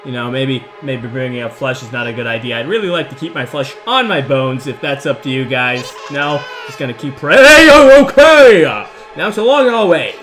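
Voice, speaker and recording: A man's voice: mid-range voice, a little fast, hardly any pauses, fairly bright tone, soft background music. A young man giving rambling, jokey commentary on a horror game, breaking into nervous outbursts. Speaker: gaming YouTuber.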